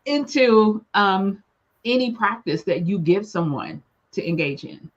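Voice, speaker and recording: A woman on a discussion panel, telling lively family stories in a casual way and acting out what family members say. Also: mid-range voice, unhurried, highs cut off, slight background noise. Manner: lively storyteller who acts out family members' lines. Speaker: panelist sharing her experience. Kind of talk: casual storytelling chat.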